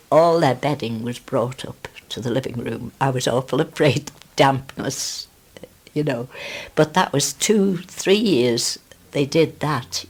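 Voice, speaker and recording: An older woman recalling running a boarding house in an oral-history interview, in a soft, chatty manner. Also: rumbling low. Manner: soft chatty telling with "you know". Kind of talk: archive oral-history recollection.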